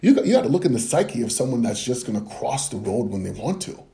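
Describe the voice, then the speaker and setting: Comic host, gravel-toned dark voice, rambling mock-serious rant. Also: male voice, medium pitch, very animated, quick pace. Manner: rambling, flustered, apologetic asides; mock-earnest preaching rants. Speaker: comedian. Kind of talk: comedic monologue to camera.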